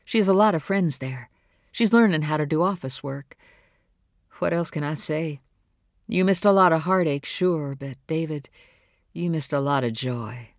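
A narrator voicing a grown woman, a guarded and defensive mother who speaks earnestly with quiet strain. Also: mid-range voice, moderate pace, no room sound, studio quality, close to an everyday voice.

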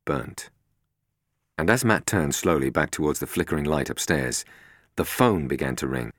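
A man's voice: a bass voice, expressive, moderate pace, fairly bright tone, dry recording, clean studio sound. A man narrating a storybook, in a tense, suspenseful reading.

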